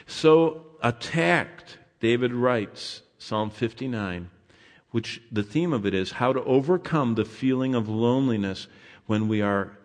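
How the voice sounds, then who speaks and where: A man preaching a sermon, rising loud when he reads scripture and dropping soft on his asides. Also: lowish voice. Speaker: pastor. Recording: long hall reverb.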